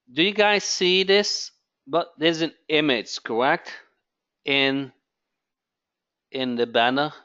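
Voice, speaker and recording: A man hosting a live webinar sales pitch, who keeps asking "okay?" and repeats his phrases. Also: bright, forceful tone, dull audio. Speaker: webinar host.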